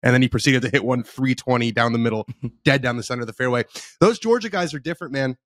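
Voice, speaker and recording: Fast-talking enthusiastic male podcast host. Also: mid-range voice, no room sound. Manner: quick, enthusiastic recounting. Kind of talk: casual chat.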